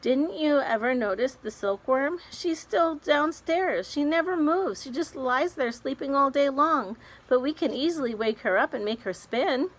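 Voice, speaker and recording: A woman's voice: sits high, measured pace, few pauses, voice pushed up, low-quality recording. A woman reading aloud, voicing a fussy old male grasshopper in a storybook. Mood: excited. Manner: sharp, excitable.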